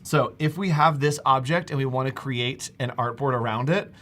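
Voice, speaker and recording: Guy hosting a livestream, chill walkthrough, talks to chat, medium pitch. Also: normal speed, fairly bright tone, a little hiss or hum. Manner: casual, talks viewers through steps on screen. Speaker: livestream host. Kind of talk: live software demo.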